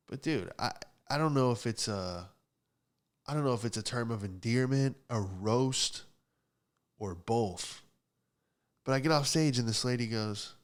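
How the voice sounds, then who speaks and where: A man's voice: lowish voice, unhurried, pauses often. A young man who hosts a comedy podcast, delivering a sarcastic, ranting stand-up style monologue.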